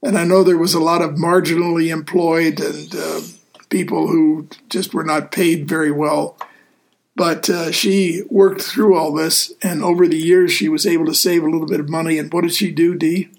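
Gravelly, easygoing male deacon host. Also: fairly high pitch, flat delivery. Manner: easygoing, earnest, pauses often with "uh". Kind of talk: casual radio show chat.

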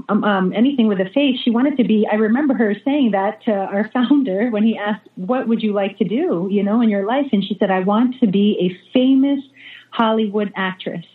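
Woman religious sister on an echoey phone-like line. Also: fairly high pitch. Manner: hesitant, many fillers and restarts. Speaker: religious sister, interview guest. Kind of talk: remote interview testimony. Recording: echoey, phone-like remote call audio.

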